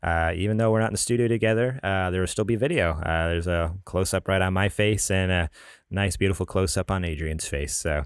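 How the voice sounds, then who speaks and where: A man's voice: deep voice, brisk, clean tone, dry recording, clean studio sound. A man hosting a casual gaming podcast, chatty and rambling, often laughing. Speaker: podcast host.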